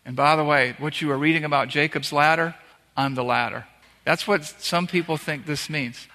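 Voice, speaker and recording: Pastor, male, earnest emphatic preacher, bright tone, echoing church hall. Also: on the high side, fairly even intonation, normal speed. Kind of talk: sermon. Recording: reverberant hall.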